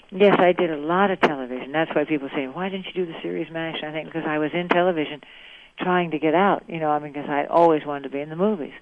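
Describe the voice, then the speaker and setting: A woman's voice: low-pitched, no room sound. Older female actress guest, rambling anecdotal style, phone-quality audio. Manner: rambling storyteller with many you-knows. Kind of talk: anecdotal interview chat. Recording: dry tinny phone-like line.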